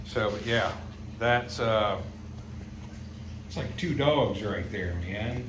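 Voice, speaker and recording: Speaking slowly in a lowish voice, a dog groomer and pet owner narrates a casual vlog. He talks to both the camera and his dog while grooming it inside, amid loud background noise and echo.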